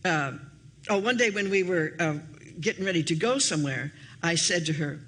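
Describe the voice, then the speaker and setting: An older woman minister giving a sermon in a chatty, anecdotal way, her pitch swinging up and down as she tells stories. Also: animated, normal speed, fairly bright tone. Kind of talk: storytelling sermon. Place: church hall.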